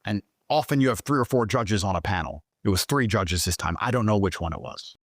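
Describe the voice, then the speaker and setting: As an interview guest, this British man's storytelling turns heated and profane, breaking into high-pitched, excited bursts. His delivery is brisk, and the studio-quality audio carries no room sound.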